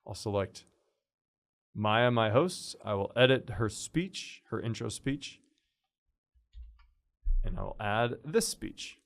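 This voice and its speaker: A man casually walking through a software tutorial, explaining as he goes with fillers and restarts. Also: on the low side, animated, slow, vocal fry, pauses often. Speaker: instructor. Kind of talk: screen-recorded software tutorial.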